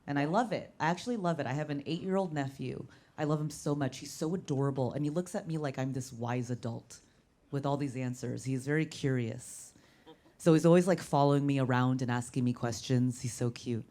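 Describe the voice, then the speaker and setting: A deep-voiced female comedian from Orange County doing playful, self-deprecating crowd work on a comedy club stage with a handheld mic. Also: a little fast, warm tone. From Orange County, California. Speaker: stand-up comedian. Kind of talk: stand-up comedy set. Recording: live club with audience noise.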